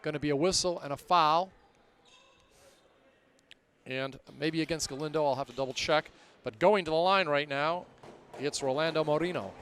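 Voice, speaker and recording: A man announcing a basketball game play by play, getting loud and excited during plays. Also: a little high, normal speed, slight background noise. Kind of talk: live basketball commentary.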